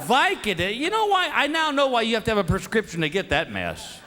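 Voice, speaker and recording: A middle-aged man doing stand-up comedy, an animated, self-mocking storyteller on stage before a live audience. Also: extremely high pitch, fairly quick, long reverb tail. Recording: live show with crowd laughter and noise.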